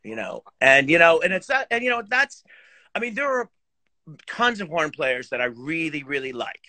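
Bright-voiced man chatting on a video call. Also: a little high, normal speed, no echo. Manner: animated, swears, many fillers. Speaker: guest horn player. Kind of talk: casual video call chat.

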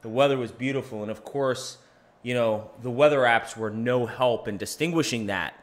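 A man's voice: medium pitch, moderate pace. A man hosting his own podcast in a rambling, self-deprecating, chatty monologue. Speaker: podcast host.

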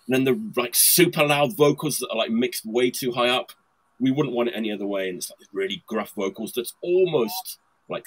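A man's voice: lowish voice, a bit bright, husky. A man hosting a casual video-call chat about punk records, rambling and enthusiastic with frequent laughs. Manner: laughs often, rambling and enthusiastic with many fillers. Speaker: host presenting vinyl record picks.

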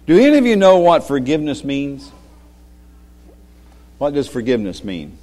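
A man giving a children's sermon as pastor, speaking gently, asking the kids questions and chuckling often. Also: medium pitch, huge pitch swings, normal speed. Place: church sanctuary. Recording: long reverb of a church sanctuary.

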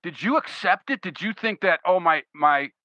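A man's voice: high-pitched, expressive, moderate pace, bright, forceful tone, no echo. A man hosting a podcast in a casual, encouraging way, often calling his guest "man". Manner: laid-back, affirming, says "man" often. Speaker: podcast host. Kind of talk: casual interview chat. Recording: dry, dull lo-fi podcast audio.

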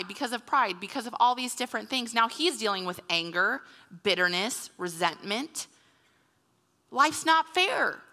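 A woman's voice: fairly high pitch, pushed and bright. A woman pastor in her thirties preaching a conversational sermon in a church, often acting out the voices of the people she quotes. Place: church sanctuary. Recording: long hall reverb.

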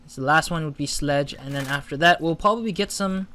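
A man's voice: a little high, a little fast, bright, forceful tone, slight background noise. A man hosting a gaming channel, giving casual let's-play commentary, chatty and flustered when he loses.

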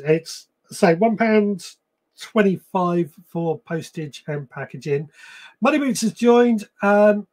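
Casual male host with a fairly high voice, loose and chatty, reading comments on a live stream. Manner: chatty, relaxed, with frequent ums and restarts. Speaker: podcast host.

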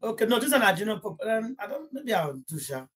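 A woman's voice: fairly high pitch, sing-song, brisk, fairly bright tone, a little hiss or hum. A young Nigerian woman hosting a casual gossip livestream, rambling and emotional, slipping Pidgin into her English. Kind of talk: casual live-stream chat.

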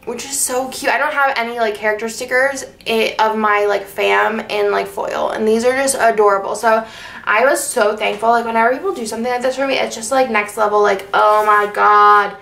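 A young woman gushes through a sticker haul with a slightly gravelly voice, chatty and full of fillers. She sits a little back from the mic in a roomy, echoing space. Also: fairly high pitch, fairly even intonation, fairly quick, fairly bright tone, far from the mic. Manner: gushing, chatty, lots of fillers. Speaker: planner sticker vlogger. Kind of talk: casual haul video chat.

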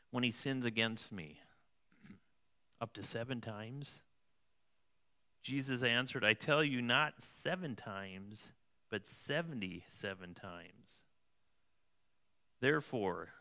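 A man's voice: mid-range voice, sharp tone, clear, resonant tone. A man preaching a sermon as pastor, reading scripture and explaining it in a conversational way, often checking in with the congregation. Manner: conversational preaching, tags lines with "right?". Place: church.

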